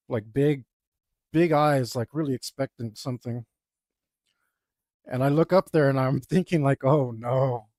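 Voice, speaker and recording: A man's voice: medium pitch, darkish tone, no room sound, clean studio sound. A young man casually telling a rambling, self-deprecating story, with lots of fillers, while he draws. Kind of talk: casual anecdote while drawing.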